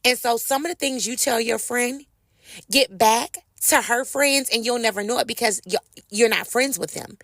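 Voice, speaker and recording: Middle-aged lady storytelling, bit of fry in her voice, dry close sound. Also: fairly high pitch, normal speed, a bit bright, dry recording. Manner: chatty, addresses listeners as y'all. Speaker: host. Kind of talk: casual storytelling to viewers.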